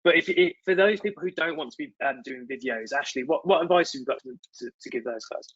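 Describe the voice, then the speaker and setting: A man's voice: a little high, fast talker, fairly bright tone, slightly rough, dull audio. A man moderating a webinar panel, hesitant and repeating words as he passes on audience questions.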